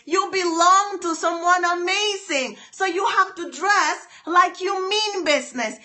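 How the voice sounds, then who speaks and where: A woman's voice: very high voice, bright, forceful tone. A woman hosting a live phone stream, giving an emphatic, preachy motivational talk, repeating her lines and answering viewer comments.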